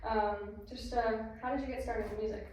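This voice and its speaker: A woman's voice: on the high side, steady tone, normal speed, a little mellow, a little hiss or hum. Woman interviewer in an echoey room. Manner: asks questions with many fillers. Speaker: podcast interviewer. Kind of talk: casual interview. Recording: echoey room, distant mic.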